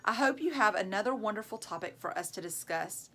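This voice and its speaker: A woman reading aloud, voicing a kind school counselor who talks in a soft, reassuring way. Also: mid-range voice, lively intonation, a little fast. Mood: warm.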